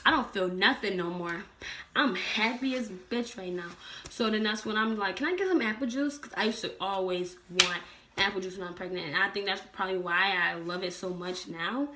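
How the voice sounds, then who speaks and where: Blunt, animated young woman, mic far off. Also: medium pitch, moderate pace. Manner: animated, blunt and profane, acting out the people in her story. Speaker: vlogger telling her own story. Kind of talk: casual storytelling. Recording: distant mic with faint background noise.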